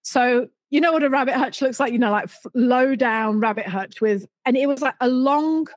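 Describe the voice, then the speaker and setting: A middle-aged British woman telling an animated story with lots of laughter, acting out other people's voices. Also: high-pitched, moderate pace, no echo. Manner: animated, laughs often, acts out voices in quotes. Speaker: guest storyteller. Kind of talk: casual anecdote telling.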